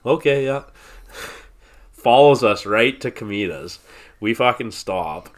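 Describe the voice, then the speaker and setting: A podcast guest in his thirties tells a long, rambling story in casual chat, swearing freely and laughing through it. His voice is fairly low-pitched, animated and slow.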